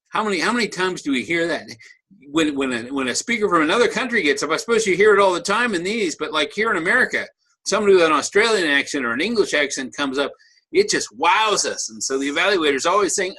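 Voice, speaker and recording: Bright-voiced man presenting online. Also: on the high side, animated, a little fast. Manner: conversational, joking, restarts phrases. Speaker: workshop presenter. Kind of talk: online teaching talk.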